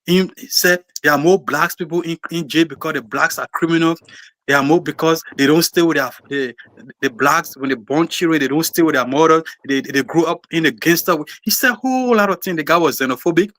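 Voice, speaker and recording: A man's voice: fairly high pitch, fairly quick, fairly bright tone, no echo. A man with a Liberian English accent arguing emphatically on a talk-show panel, repeating words as he builds his point. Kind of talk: heated talk-show discussion.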